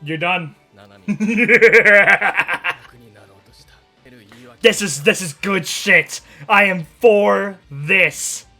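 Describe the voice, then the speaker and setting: A man hosting an anime reaction, talking casually and excitably, swearing freely and laughing often. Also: sits high, extremely slow, gravelly, pauses often, faint music behind. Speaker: anime reaction channel host.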